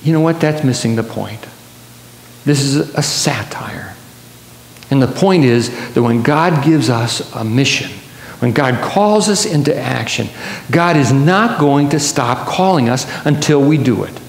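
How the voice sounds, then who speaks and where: A man's voice: medium pitch, expressive, normal speed, gravelly. A male pastor telling a Bible story in a sermon, with many restarts and repeated words. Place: large church sanctuary. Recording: echoey church hall.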